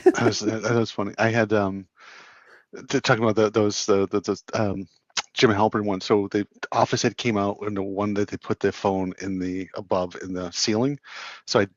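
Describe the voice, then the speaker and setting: A man's voice: fairly low pitch, level tone, normal speed, no room sound, dull audio. A middle-aged man co-hosting a podcast, telling rambling self-mocking work stories in casual chat. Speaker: sales consultant, podcast co-host.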